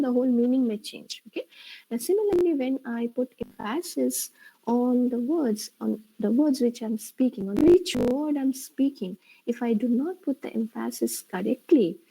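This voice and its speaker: A woman's voice: fairly high pitch, lively intonation, moderate pace, creaky, warm tone, poor audio. A woman teacher, explaining a spoken lesson and checking in often with "okay" and "right". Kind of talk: online spoken English lesson.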